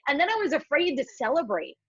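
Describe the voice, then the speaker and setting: A woman guest on a coaching interview, telling her story with lively, swearing candor and acting out her panicked thoughts. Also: high-pitched, quick pace, muffled recording. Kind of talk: candid podcast interview.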